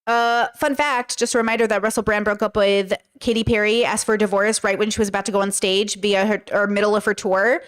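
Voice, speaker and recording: A woman's voice: medium pitch, flat delivery, brisk, few pauses, clear, resonant tone. A woman hosting a casual commentary, talking in an emphatic, sarcastic way. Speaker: commentary host.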